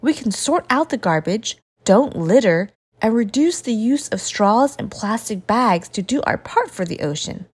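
Eager, curious child sidekick, voiced by a woman: high, bouncy, with a husky edge. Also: a little slow, hardly any pauses. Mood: excited. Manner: excited, curious questions. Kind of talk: storybook character voice.

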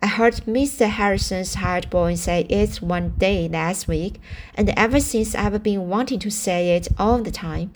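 A woman reading aloud and voicing a small, earnest, mischievous boy who pleads and confesses in a hurried way. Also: medium pitch, slight background noise, lightly acted.

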